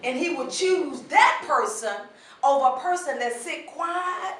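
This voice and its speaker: A woman preacher giving a conversational sermon with call and response, sometimes rising to a shout. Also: high voice, expressive, a little slow. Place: church sanctuary. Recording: echoey church hall, mic far off.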